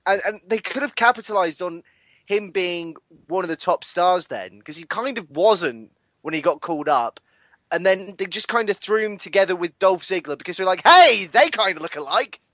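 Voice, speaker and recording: A man co-hosting a casual podcast chat, telling animated, profane stories about the news. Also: high-pitched, normal speed, no room sound, lo-fi sound. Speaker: podcast co-host.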